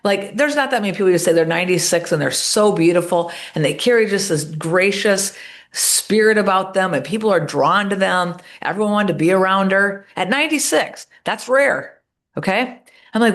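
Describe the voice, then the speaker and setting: As a podcast guest, a woman tells energetic stories in casual interview talk, acting out the voices of people she quotes. Her voice is mid-range and her pace moderate.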